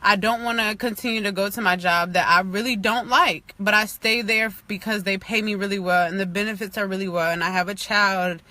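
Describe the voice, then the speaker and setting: Woman, faith vlogger, chatty livestream testimony, bright tense tone, dry close sound. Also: mid-range voice, fairly even intonation, brisk, few pauses, dry recording. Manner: chatty, full of "like" and "you know"; earnest, near tears at times.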